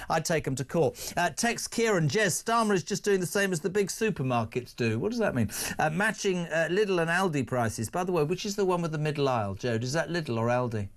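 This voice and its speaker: A man hosts a live phone-in from a radio studio, rattling through listener texts with brash, joking asides. His voice sits a little high for a man, close on a studio microphone. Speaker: radio talk show host.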